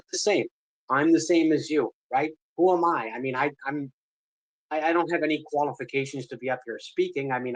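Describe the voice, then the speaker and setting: A man's voice: medium pitch, no room sound, poor audio. A man speaking in a casual live audio chat, enthusiastic and apologetic, often restarting and repeating words. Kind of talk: casual rambling community chat.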